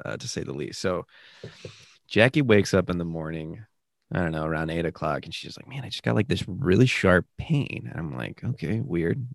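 A young man telling a story in a casual podcast chat, animated and rambling with many fillers. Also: low voice, no echo, clean studio sound. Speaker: podcast guest, new father.

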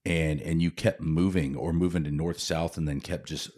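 A man's voice: very deep voice, fairly even intonation, moderate pace, darkish tone. A man hosting a podcast, chatting casually with a laid-back manner, heavy on "dude" and "like.". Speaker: podcast host, jiu-jitsu teammate. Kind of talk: casual chat.

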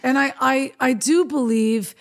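A woman's voice: high voice, measured pace. A woman hosting an interview, reflecting aloud in a thoughtful, searching way and feeling her way through her sentences. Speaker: host. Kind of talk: casual interview chat.

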